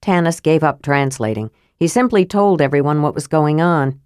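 A woman narrates a fantasy audiobook with a measured, expressive delivery. Her voice sits low. The sound is dry and close, with no room around it. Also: clear, resonant tone, dry recording.

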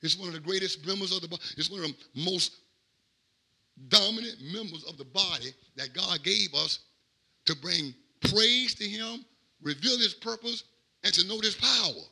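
This middle-aged man is a pastor delivering a sermon, his rhythm moving between hushed asides and shouted climaxes. He talks at a normal speed in a high, gravelly voice.

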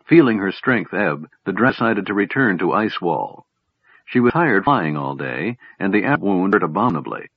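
A man reading a fantasy novel aloud as a narrator, in a measured storytelling manner. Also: low voice, very animated, husky, dry recording. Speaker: audiobook narrator. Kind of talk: scripted narration with character voices. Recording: dull, lo-fi, dry sound.

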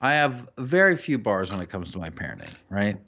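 A man co-hosting a casual chat podcast, swearing and ranting with loud bursts. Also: fairly low pitch, big pitch swings, brisk, slight background noise. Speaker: podcast co-host. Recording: dull lo-fi recording.

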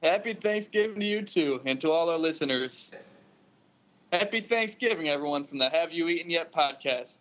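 A man's voice: on the high side, expressive, moderate pace, fairly bright tone, muffled recording. A man co-hosting a podcast, talking in an easygoing way and laughing often. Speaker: podcast co-host. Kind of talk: casual podcast chat.

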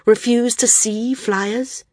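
A woman voicing a defiant female flyer who delivers calm, menacing warnings. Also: on the high side, slow pace, no echo, clean studio sound, pitched above the performer's own voice. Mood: cold warning. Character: defiant young woman flyer issuing threats.

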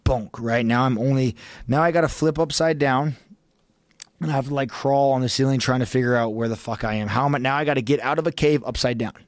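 A man's voice: medium pitch, fast, dry recording, studio quality. A man, a podcast guest with a young child, tells a tense story in a blunt, profane, urgent way, his voice shooting up at the peaks. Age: adult with a young child. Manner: profane, urgent and emphatic, voice rising sharply at peaks. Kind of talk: intense storytelling in a long-form podcast.

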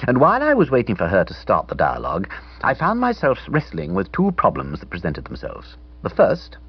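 A man's voice: lowish voice, breathy edge, dull audio. A man narrating a comic novel in the first person, in a wry, theatrical reading style. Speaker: audiobook narrator.

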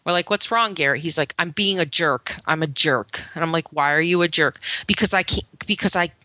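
A woman's voice: low-pitched, fairly quick, sharp tone, no echo. A middle-aged woman from Florida, co-hosting a podcast and telling a long family story in a rambling, casual way. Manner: rambling storytelling, acts out quoted voices. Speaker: podcast co-host. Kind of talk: casual chat.

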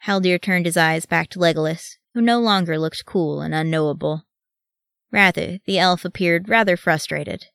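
Dry, lowish woman audiobook reader. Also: moderate pace, gravelly, smooth, no room sound. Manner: steady reading, voices each character. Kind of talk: fan fiction audiobook narration.

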